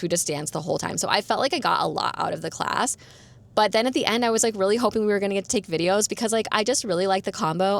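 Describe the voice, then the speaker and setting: Speaking at a medium pitch with noticeable vocal fry, this young female podcast host chats solo in a relaxed way. Her speech is peppered with "like."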